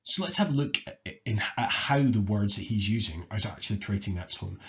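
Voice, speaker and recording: A male teacher from Scotland explaining an exam skill in a measured, patient way, with some restarts and fillers. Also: fairly low pitch, expressive, muffled recording. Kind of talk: recorded exam lesson.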